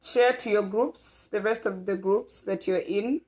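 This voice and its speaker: A woman's voice: mid-range voice, unhurried, rough recording. Kenyan-raised mother hosting a livestream. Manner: warm, rambling, many fillers. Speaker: host of a family livestream. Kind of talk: casual livestream chat.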